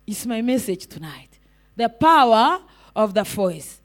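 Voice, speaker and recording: A woman's voice: on the high side, sing-song, a little slow. A woman evangelist preaching a sermon, repeating rhetorical questions and calling out to the congregation.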